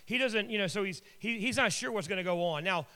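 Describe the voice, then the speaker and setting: A man preaches with a high, bright and forceful voice, talking to his listeners like friends and dropping in wry jokes. His words ring out with a long reverb tail, as if filling a large hall. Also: quick pace. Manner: conversational, joking asides. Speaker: pastor. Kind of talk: sermon with casual storytelling.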